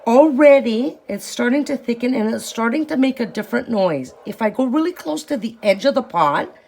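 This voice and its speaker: A woman's voice: fairly high pitch, lively intonation, normal speed, vocal fry, darkish tone, echoey room. A woman hosting a home cooking show, chatting casually and explaining each step as she stirs a pot in her kitchen.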